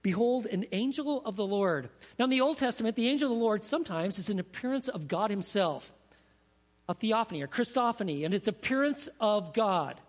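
A man preaching a sermon as pastor, animated, asking his congregation questions as he teaches. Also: high voice, fairly quick. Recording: long reverb of a large hall.

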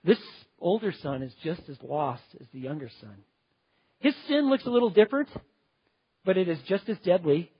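A man with a high, husky voice delivers an earnest sermon, stressing one word after another as he builds long lists. The sound is dry and a little dull, with a lo-fi edge. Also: expressive, normal speed, no echo. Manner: emphatic, earnest, piles up lists of words. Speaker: preacher.

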